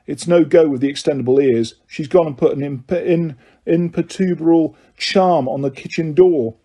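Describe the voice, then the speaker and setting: A man voicing a bright, lively young girl witch who talks briskly. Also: fairly high pitch, natural voice.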